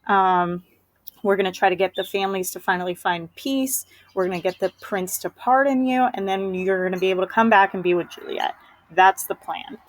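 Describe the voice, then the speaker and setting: A woman's voice: mid-range voice, steady tone, a little fast, dry recording, lightly acted. A woman voicing an older male friar, casually paraphrasing his advice in her own voice. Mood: earnest.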